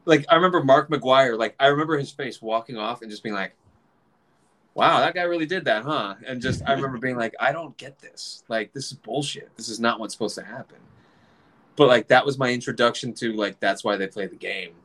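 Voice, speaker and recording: A man in his forties telling a casual story, animated, swearing freely and acting out other people's voices. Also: mid-range voice, fairly quick.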